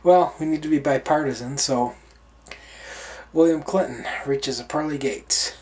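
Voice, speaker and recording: A man tells a string of jokes in a relaxed, unhurried way, pausing with fillers. His speaking voice sits a little higher than usual for a man. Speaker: joke teller. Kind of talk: casual joke telling.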